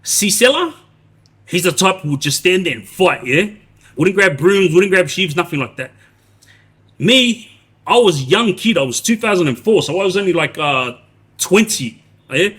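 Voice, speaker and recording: Husky man telling a story. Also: sits high, big pitch swings, normal speed, fairly bright tone. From Australia. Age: 40s. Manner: rambling, many restarts and tag questions like "yeah?". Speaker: livestreamer telling prison stories. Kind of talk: casual storytelling on a live stream.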